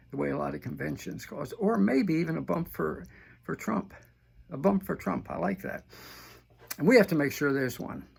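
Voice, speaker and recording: A man's voice: on the high side, gravelly, breathy edge. An older man giving a scornful, mocking political rant, often repeating himself as he heats up. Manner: scornful, mocking, repeats words when heated. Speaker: political commentator.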